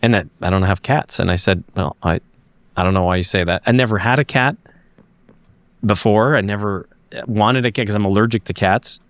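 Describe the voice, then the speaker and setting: A man's voice: on the low side, fairly quick, dry recording. A man, a podcast guest, telling a personal story casually and acting out the dialogue as he goes. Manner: animated storyteller who acts out the dialogue. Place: lives in Montreal.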